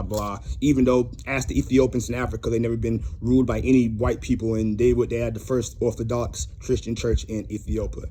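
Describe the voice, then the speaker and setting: A man's voice: medium pitch, darkish tone, slight background noise. An American man giving a heated, preachy commentary rant, angry, profane and repetitive. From United States. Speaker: ministry commentator.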